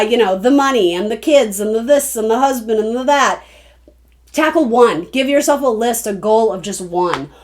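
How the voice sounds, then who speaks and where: A young adult woman giving a casual, rambling tarot reading, often breaking off and restarting her sentences. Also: fairly high pitch. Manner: rambling, chatty, self-interrupting. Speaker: tarot reader.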